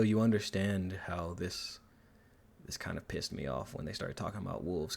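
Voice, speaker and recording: A man's voice: lowish voice, gravelly, a little mellow. A man giving a ranting, profane film commentary in an exasperated, digressive way. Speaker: movie reviewer.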